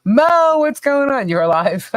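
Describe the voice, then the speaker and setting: Woman co-host of a podcast livestream: loose, joking, slow-paced, dry recording, calls out viewers by name. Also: on the high side, sing-song, no echo. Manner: laughs often, loose and joking; reads out viewer names one by one. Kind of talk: casual livestream chat greeting viewers.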